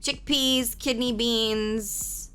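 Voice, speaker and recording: A woman streamer in casual live-stream chat, swearing freely and answering her chat aloud with excitable reactions. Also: on the high side, very slow, clear, resonant tone.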